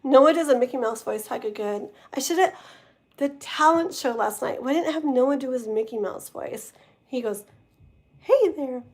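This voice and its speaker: A woman with a slightly high voice runs a casual live tarot stream. She talks in a chatty, rambling way and reads card meanings aloud. Her voice sounds tired and strained. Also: normal speed. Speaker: tarot reader. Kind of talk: casual livestream chat and card reading.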